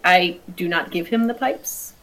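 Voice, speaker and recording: A woman's voice: on the low side, a little slow, a crowd in the background, poor audio. A woman player in a tabletop game, talking hesitantly with many fillers. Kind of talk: tabletop role-play chat.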